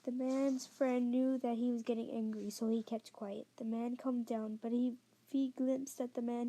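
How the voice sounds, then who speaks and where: Female audiobook narrator, mellow and fairly high, gentle careful reading. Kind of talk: audiobook reading of a short story.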